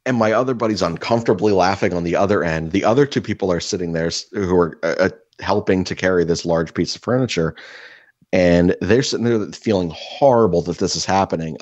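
A young man with a very deep, low voice rambles through profane stories in casual podcast chat. The sound is dry and a bit dull, like a close home mic. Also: brisk, darkish tone, no room sound. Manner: swearing, rambling storyteller. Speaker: podcast co-host.

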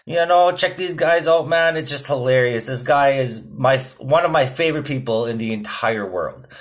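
A man with a mid-range voice hosts a podcast at a normal speed. His casual chat rambles loosely, and he swears often.

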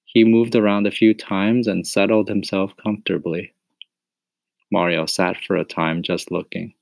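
Male narrator reading a children's book, very low and gravelly, measured and dry. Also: dry recording. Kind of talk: storybook reading.

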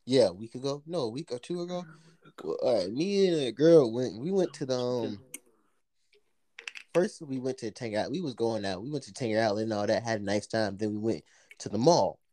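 Animated young man telling a story. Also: mid-range voice, normal speed. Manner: animated, profane, acts out quoted voices. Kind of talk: casual storytelling chat.

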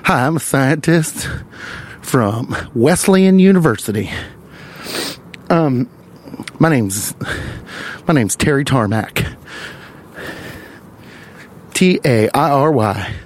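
A man putting on a slow, pompous fake scientist. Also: mid-range voice, animated, a little hiss or hum, voice pushed down. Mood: self-important.

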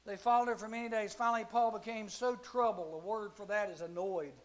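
A man teaching a youth Bible class, telling the story with lively acted-out voices. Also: sits high, a little fast.

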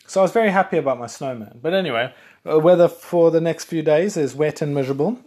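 A man's voice: fairly high pitch, fast talker. A man from South Africa hosting a casual solo podcast, rambling and chatty, correcting himself as he goes. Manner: rambling, chatty, self-correcting, excitable bursts. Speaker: podcast host.

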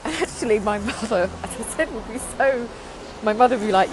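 A woman's voice: fairly high pitch, lively intonation, fairly quick. Chatty, rambling woman, noisy background. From England. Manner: chatty, rambling with frequent restarts. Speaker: podcast host. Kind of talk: casual chat.

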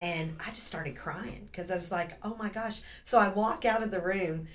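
A woman in her fifties, a podcast guest, telling a story in a lively, laughing, casual way. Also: lowish voice, normal speed. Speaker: podcast guest, real estate agent.

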